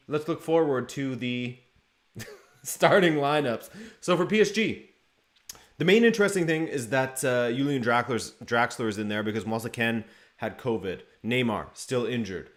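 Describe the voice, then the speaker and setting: A man hosting a live football watchalong stream, chatting casually, going over lineups and greeting viewers from the chat by name. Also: medium pitch.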